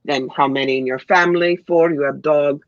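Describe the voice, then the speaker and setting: A woman's voice: deep voice, fairly even intonation, normal speed, no room sound, highs cut off, voice pushed down, close to an everyday voice. A woman voicing a greedy fake fortune-teller woman in a put-on bad Russian accent, speaking in clipped broken phrases. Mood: pushy, wheedling.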